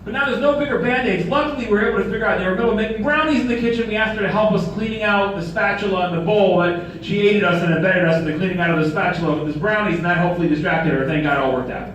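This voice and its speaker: A high-voiced man delivers a sermon, mixing light stories with rhetorical questions. He is recorded from a distance in a very echoey hall, with faint noise behind him. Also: racing, few pauses, fairly bright tone. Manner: storytelling with humor and rhetorical questions. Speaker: rabbi.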